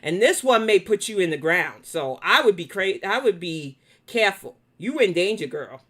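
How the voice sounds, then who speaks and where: A woman's voice: medium pitch, very animated, moderate pace, a bit bright. Blunt, profane New York woman host. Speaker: commentary livestream host. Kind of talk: live commentary and chat replies.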